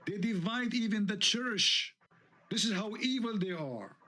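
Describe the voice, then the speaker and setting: A man's voice: sits high, expressive, unhurried, pushed and bright. Indignant man. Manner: heated, indignant, rhetorical questions. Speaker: online show host. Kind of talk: live online debate talk.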